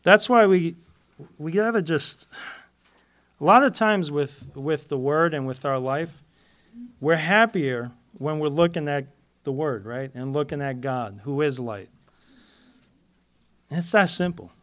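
A man with a slightly raised voice teaches scripture to his fellowship in a relaxed, chatty way. He laughs at himself often and drives points home by repeating single words. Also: fairly high pitch, a little slow, long pauses. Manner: repeats key words for emphasis. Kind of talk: informal Bible teaching.

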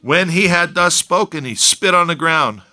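A man's voice: on the high side, moderate pace, bright, forceful tone. A man preaching a sermon in a conversational way, with joking asides to his listeners. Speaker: pastor.

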